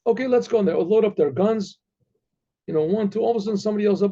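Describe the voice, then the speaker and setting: A man, a rabbi, telling a story in a halting, repetitive way full of asides. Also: high voice, mellow, lo-fi sound. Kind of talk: oral storytelling.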